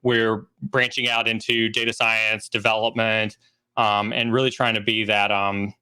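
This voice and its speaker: This American cybersecurity trainer, a man in his forties, is a guest on a livestream interview. He talks a little slowly in a lowish, level voice with a bright, forceful, clean tone, earnest and emphatic, returning to key phrases again and again.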